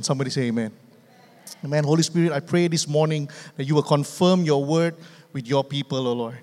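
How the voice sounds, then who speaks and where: A man's voice: medium pitch, a little fast, a little mellow. A man, preaching a sermon as pastor, emphatic and repetitive, calling out for amens. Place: church sanctuary. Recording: long reverb of a church hall.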